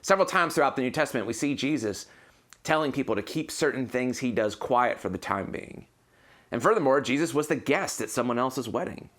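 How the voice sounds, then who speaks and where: A man's voice: medium pitch, animated, fairly quick, fairly bright tone. Guy pastor preaching, earnest, explains things step by step, normal mid voice. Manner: earnest, explanatory, acts out quotes. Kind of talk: sermon.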